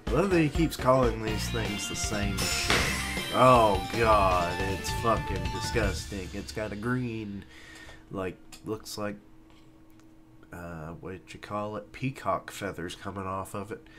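A man with a somewhat low voice gives wry, casual commentary while playing a game. He jokes and swears freely. Game music plays clearly underneath. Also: slow. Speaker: let's play host.

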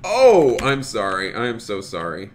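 A man's voice: medium pitch, lively intonation, moderate pace, bright, forceful tone, a little hiss or hum. A man live-streaming a game, chatty, thanking viewers by name and talking to "you guys" a lot. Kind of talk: live-streamed gameplay commentary.

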